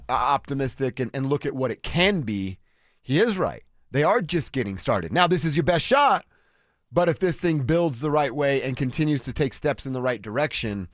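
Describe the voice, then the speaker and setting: An excitable male sports radio host from Colorado whose lively voice jumps around as he gets fired up. He sounds dry and close to the studio mic. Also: medium pitch, no room sound. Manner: excitable, animated, restarts a lot. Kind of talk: casual sports talk.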